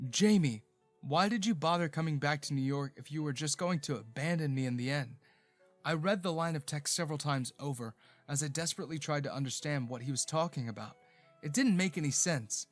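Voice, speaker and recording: A man giving a scripted first-person narration of a romance story, steady and even. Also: fairly high pitch.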